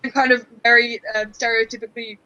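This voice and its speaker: A woman's voice: on the high side, little pitch movement, fast, bright, forceful tone, no room sound, muffled recording. A woman playing a tabletop game, thinking aloud casually. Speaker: player.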